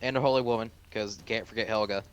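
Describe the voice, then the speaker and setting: A man's voice: lowish voice, fairly even intonation, quick pace, smooth. A young man running a tabletop game as dungeon master, talking casually through the turn order with his players.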